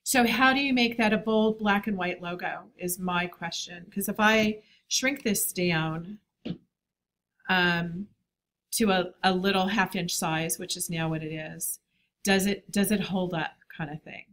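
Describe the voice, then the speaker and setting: A woman's voice: lowish voice, unhurried, fairly bright tone. Chatty, enthusiastic woman teaching design. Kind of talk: classroom lecture.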